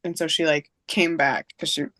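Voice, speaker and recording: This is a woman in her thirties talking as a podcast guest. Her voice sits on the low side and sounds dry and close, with no room around it. She tells her story casually, full of fillers, and acts out what people said. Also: steady tone, moderate pace, pushed and bright, no room sound. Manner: storytelling, reenacting dialogue, many fillers.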